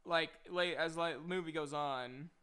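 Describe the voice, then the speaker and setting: A man's voice: on the high side, measured pace, bright, forceful tone, clean tone. A young man in a casual spoiler review of a movie, retelling the plot in a rambling way with many filler words.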